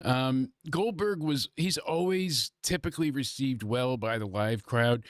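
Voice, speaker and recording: A man's voice: mid-range voice, measured pace, no echo, studio quality. A congested man hosting a live stream, talking loosely and profanely in casual chat. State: congested from allergies. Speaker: wrestling review livestream host.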